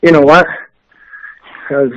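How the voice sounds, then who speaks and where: A man from Canada, a musician guest chatting casually on a podcast, laid-back and quick to laugh. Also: fairly high pitch, little pitch movement, fairly bright tone, lo-fi sound. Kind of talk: casual interview chat.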